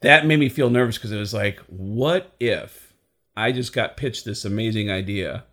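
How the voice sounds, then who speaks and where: A man, a comedian and impressionist, telling a story in a casual, animated way. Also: on the low side, normal speed. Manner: animated, acts out the voices of people in his stories.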